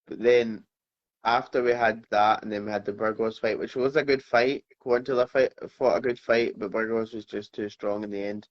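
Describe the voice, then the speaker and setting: A man co-hosting a casual talk podcast, easygoing and relaxed as he tells stories. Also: fairly low pitch, normal speed. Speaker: podcast co-host. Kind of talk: casual chat. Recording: slightly dull lo-fi sound.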